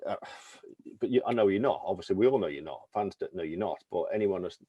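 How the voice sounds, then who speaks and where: A man's voice: deep voice, animated, quick pace, breathy edge, dry recording, muffled recording. A man interviewing a musician over a video call, friendly and casual with lots of restarts. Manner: friendly, stumbling restarts, "mate" and "dude".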